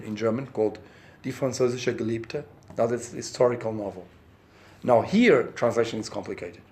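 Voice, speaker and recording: A middle-aged man with a Portuguese accent talks in English at a press conference, with a middle-pitched voice. He is chatty and explains himself through stories and examples. English is not his first language.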